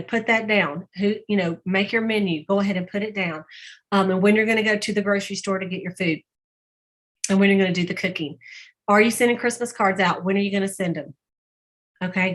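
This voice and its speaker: A woman's voice: medium pitch, a bit bright. A woman leading a sales team call, chatty and folksy, acting out little conversations as she coaches.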